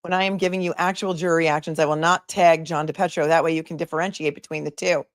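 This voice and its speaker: Talking fast, a woman on a live commentary stream keeps things jokey and chatty while reading her chat's messages aloud. Her voice sits low, captured in a dry, close recording without any room sound.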